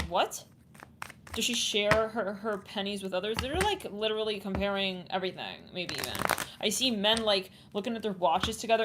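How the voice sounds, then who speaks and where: A woman's voice: mid-range voice, lively intonation, moderate pace. A woman giving a casual tarot reading to her viewers, chatting and thinking aloud as she trails off and restarts. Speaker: tarot reader. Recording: audible background noise and clicks.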